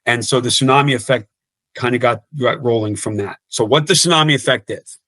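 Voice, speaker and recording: A man's voice: mid-range voice, fairly quick, sharp tone, dry recording. A man in his fifties talking earnestly in an interview, often repeating words and restarting sentences. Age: 50s. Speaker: guest coach. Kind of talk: podcast interview.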